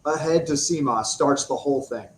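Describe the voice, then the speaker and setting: A man's voice: mid-range voice, moderate pace, a little hiss or hum. A man co-hosting a live football watchalong, reacting with enthusiastic exclamations. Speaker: podcast co-host. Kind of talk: live match watchalong commentary.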